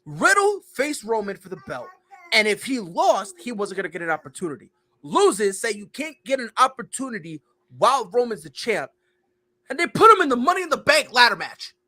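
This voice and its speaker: A man's voice: very high-pitched, big pitch swings, a little fast, pushed and bright. A man hosting a casual sports podcast, ranting and joking about wrestling and basketball. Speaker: podcast host.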